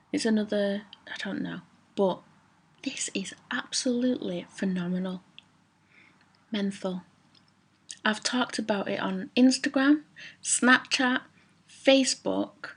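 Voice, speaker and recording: A woman's voice: mid-range voice, vocal fry, slightly rough. A woman vlogging in a chatty, rambling, self-mocking way about favourite products. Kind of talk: casual chat to camera.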